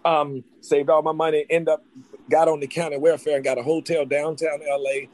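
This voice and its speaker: A man speaks in a rushed, breathless stream, piling his story up clause after clause. His voice sits a little high for a man, and he keeps jumping back and restarting in his excitement. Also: no echo. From North Carolina. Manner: rapid, excitable, jumps back and forth with restarts. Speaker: actor telling his life story. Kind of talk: animated storytelling interview.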